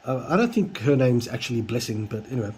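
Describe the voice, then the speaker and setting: A man's voice: medium pitch, sing-song, fast talker, a little mellow, breathy edge. A man reading out chat logs with dry, mocking comedic commentary. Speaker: video creator.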